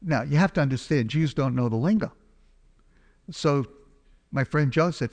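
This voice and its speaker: A man's voice: fairly high pitch, moderate pace, pauses often. Humorous man telling a testimony in a hall. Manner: storytelling, chatty and humorous. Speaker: speaker giving a testimony. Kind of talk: personal testimony sermon. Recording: long hall reverb.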